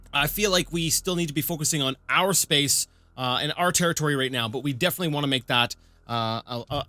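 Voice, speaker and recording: A man's voice: mid-range voice, bright, forceful tone, no echo. A man hosting a strategy game playthrough, chatting casually and thinking aloud with plenty of fillers. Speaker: host of a gaming channel. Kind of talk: casual let's-play commentary.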